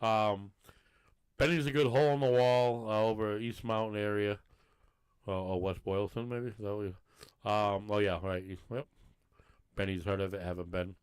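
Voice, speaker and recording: A man's voice: fairly low pitch, fairly even intonation, moderate pace, pauses often, clean tone. A man co-hosting a casual podcast, talking in a rambling, easygoing way. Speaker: podcast co-host. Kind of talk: casual bar-talk podcast chat.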